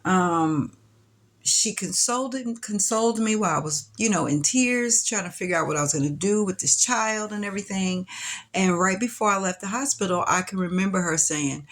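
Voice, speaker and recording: Animated woman retelling her story. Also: normal speed. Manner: animated, jumps higher when quoting her younger self; loose, chatty, many fillers and restarts. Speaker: interviewee. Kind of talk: personal storytelling.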